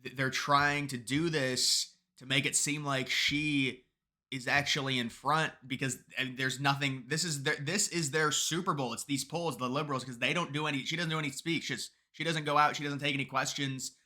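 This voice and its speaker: A man talks through polls in a casual commentary video, mocking and opinionated, breaking off into quick asides. His voice is strikingly bright and sharp, and sits at an ordinary pitch for a man. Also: steady tone. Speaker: political commentator.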